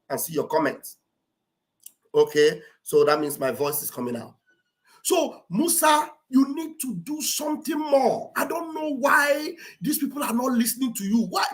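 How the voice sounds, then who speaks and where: A woman's voice: mid-range voice, a bit bright. A woman giving mocking, exclamatory livestream commentary, repeating phrases for emphasis. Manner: acts out quoted speech with theatrical delivery.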